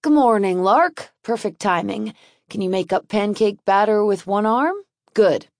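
A woman reading an audiobook, voicing a cheerful middle-aged stepfather who talks in brisk, chirpy questions. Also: medium pitch, a little mellow, no echo, studio quality, natural voice.

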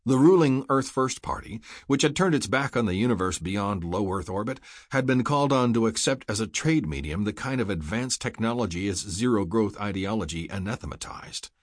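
Husky low-voiced male narrator. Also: expressive, a little fast, hardly any pauses, no echo, clean studio sound. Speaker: audiobook narrator. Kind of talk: scripted narration.

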